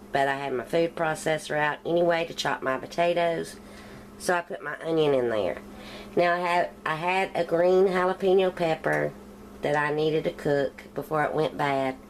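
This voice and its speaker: A woman's voice: deep voice, fairly even intonation, normal speed, slight background noise, rough recording. A woman with a Southern country accent hosting a cooking show, chatting casually as she walks through each step. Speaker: cooking channel host.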